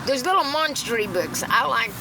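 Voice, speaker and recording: Middle-aged woman, high voice, blunt swearing rant, rambling talk, phone mic, faint noise behind. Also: lively intonation, normal speed. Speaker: TikTok livestreamer. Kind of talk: ranting casual monologue.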